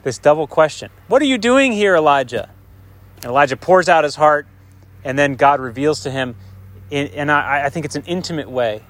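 A man with a somewhat high voice delivers a sermon, retelling scripture in a conversational way. He keeps checking in with his listeners and moves between ringing, raised passages and soft, hushed asides. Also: fairly quick. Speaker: preacher.

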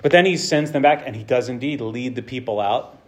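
A man preaching a sermon with passion, swinging between loud bursts and hushed lines and acting out the quotes he tells. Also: medium pitch, brisk.

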